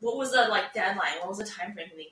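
A young woman co-hosting a casual podcast chat, teasing and animated as she tells stories. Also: mid-range voice, quick pace, echoey room, distant mic, a little hiss or hum. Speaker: podcast co-host.

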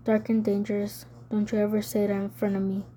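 A woman's voice: medium pitch, completely flat delivery, brisk, dark tone, a little hiss or hum, natural voice. A woman voicing a tense, defiant teenage girl who speaks coldly and with menace. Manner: cold, threatening.

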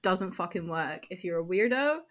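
A woman's voice: on the low side, expressive, moderate pace, a bit bright. A young woman with a New Zealand accent, co-hosting a casual podcast chat, laughing often, swearing casually and saying "like" a lot. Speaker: podcast co-host.

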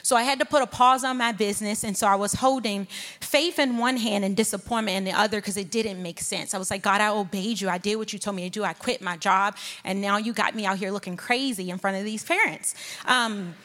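A woman sharing a personal faith testimony in church, telling her story in a lively way and acting out her conversations with God. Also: medium pitch, a little fast. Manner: lively storytelling, acts out her own inner dialogue with God. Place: church sanctuary. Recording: long reverb of a large hall.

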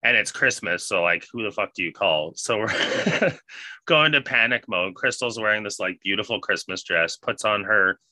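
A man casually telling a profane, animated party story with bursts of laughter. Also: lowish voice, moderate pace, dry recording.

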